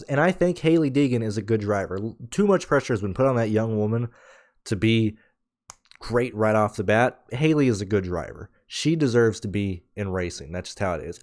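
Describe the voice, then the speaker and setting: A man hosting a casual podcast, ranting in a blunt, profane, animated way. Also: mid-range voice. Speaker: podcast host.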